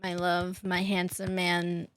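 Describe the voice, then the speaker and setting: A woman's voice: on the low side, completely flat delivery, takes it slowly, a bit bright, a little hiss or hum. A woman streaming a game, chatting casually with her viewers, greeting them by name, laughing often and swearing offhandedly. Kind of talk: casual live-stream chat while gaming. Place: her own room at home.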